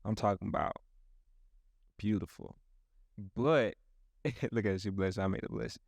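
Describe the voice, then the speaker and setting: Man, pastor, low voice, dry close sound, rambling earnest chat. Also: steady tone, normal speed, creaky, no room sound. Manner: rambling, earnest, many restarts and "like". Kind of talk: casual podcast chat.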